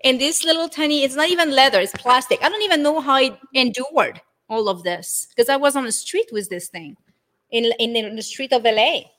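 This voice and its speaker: A woman, a guest telling her spiritual story in an expressive way and acting out the voices she quotes. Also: high voice, brisk. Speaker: interview guest. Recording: long hall reverb.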